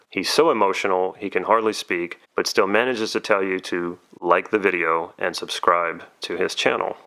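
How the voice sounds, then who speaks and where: A man hosting his own channel, giving scripted video commentary in a measured, analytical way. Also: low voice, gravelly, fairly bright tone. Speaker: YouTube channel host, persuasion coach.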